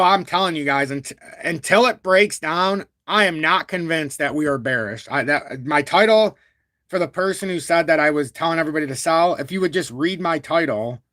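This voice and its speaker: A man hosting a chatty crypto live stream, with a fairly high voice that sounds close and dry. He is blunt and talks a lot, but stays calm and even-toned even when annoyed. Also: no room sound. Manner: talkative and blunt, reads super chats aloud. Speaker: crypto livestream host. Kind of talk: live-stream market commentary.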